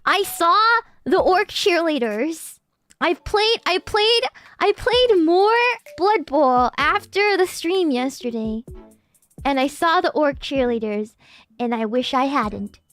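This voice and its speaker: A woman streamer rambling playfully in casual chat, giggly and animated. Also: high-pitched, slow pace, faint music behind. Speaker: VTuber streamer.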